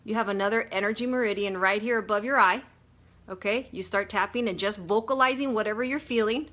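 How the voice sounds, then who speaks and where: Briskly and in a fairly bright, mid-range voice, a life coach who has a grown daughter teaches self-help on a livestream. Her talk is earnest and chatty, with many fillers and restarts as she goes step by step, captured on phone or webcam.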